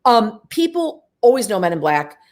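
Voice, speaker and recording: A middle-aged actress, a woman, chatting as an interview guest and telling lively stories. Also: a little high, moderate pace. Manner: lively storytelling, acts out quoted voices. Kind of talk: interview conversation.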